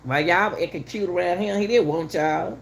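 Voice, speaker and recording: A woman's voice: lowish voice, fairly quick, creaky, slight background noise. A middle-aged woman giving heated, casual commentary to her viewers, repeating herself for emphasis. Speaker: channel host commenting on a news case.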